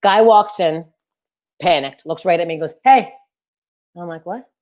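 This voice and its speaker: A woman's voice: on the low side, moderate pace, darkish tone. A young woman doing a crude, self-deprecating, rambling stand-up set over a video call. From Canada. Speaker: stand-up comedian.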